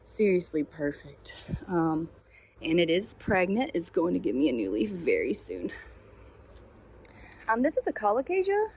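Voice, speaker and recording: A woman's voice: lowish voice, sing-song, normal speed, gravelly, pauses often, darkish tone, husky. Chatty woman gushing over her plants outdoors. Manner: chatty, gushing and self-deprecating. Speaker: plant channel host. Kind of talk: casual houseplant tour. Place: outdoors on a sunny day.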